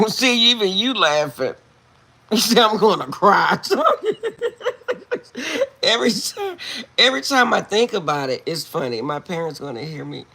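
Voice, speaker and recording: A middle-aged woman talks casually to her viewers from home, recorded on a phone, breaking into laughter as she tells a story. Her voice sits a little low and sounds husky. Her pitch swings up and down all over the place. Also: a bit bright. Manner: laughs often while telling a story. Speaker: card reader. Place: at home, indoors.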